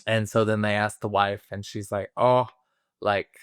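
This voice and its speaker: Smooth low-voiced man recapping a film. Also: completely flat delivery, normal speed, fairly bright tone, dry recording, studio quality. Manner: rambling, many fillers and restarts, acts out quotes. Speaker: film review podcast co-host. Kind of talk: casual chat retelling a film plot.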